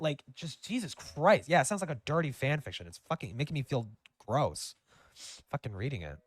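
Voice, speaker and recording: A man's voice: on the high side, animated, normal speed, fairly bright tone, dry recording. A man giving reaction commentary on screenshots, incredulous and profane, stammering into outbursts. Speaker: commentary YouTuber.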